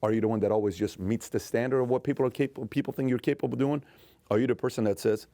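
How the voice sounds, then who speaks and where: Emphatyczny mężczyzna, suche nagranie. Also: male voice, medium pitch, steady tone, very fast, no echo. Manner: emphatic storytelling, drops to a soft emotional tone. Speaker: motivational speaker and host. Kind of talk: motivational talk to camera.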